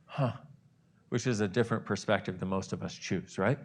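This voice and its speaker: A man's voice: lowish voice, normal speed, breathy edge. A man speaking as a self-help host, leading listeners through an imagined morning and voicing their inner reactions with gasps and exclamations. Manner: animated, acts out inner voices with gasps and exclamations. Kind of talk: guided visualization talk.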